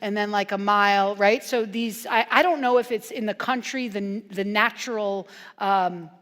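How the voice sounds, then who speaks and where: Woman minister preaching casually, lively and joking then soft and earnest, big echoey church. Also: mid-range voice, normal speed. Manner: animated, playful storytelling with hushed earnest passages. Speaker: guest minister. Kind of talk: conversational sermon. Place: church sanctuary. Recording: long reverb from a church hall.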